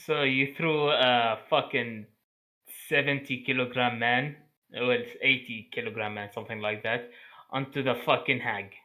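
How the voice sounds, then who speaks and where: Sharp-voiced, exasperated male player. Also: mid-range voice, fairly even intonation, normal speed, poor audio. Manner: exasperated, swearing protests. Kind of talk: tabletop game banter.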